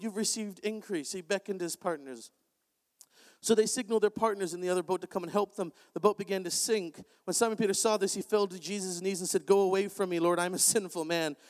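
A man preaching an energetic sermon in a large church, animated and joking with bursts of shouting. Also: sits high. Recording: long hall reverb.

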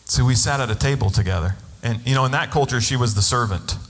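A man's voice: mid-range voice, fast talker. Man, pastor, sermon, storytelling, long hall reverb. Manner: storytelling, acts out quoted voices.

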